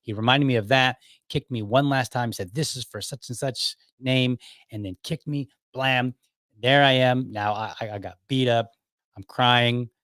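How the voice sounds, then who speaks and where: A man's voice: medium pitch, steady tone, normal speed, fairly bright tone, dry recording. A middle-aged man from Ohio telling stories about his childhood in a casual, rambling way, correcting himself as he goes and acting out quotes. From Ohio, United States. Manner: rambling, self-correcting storyteller who acts out quotes. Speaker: podcast host. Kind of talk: casual storytelling monologue.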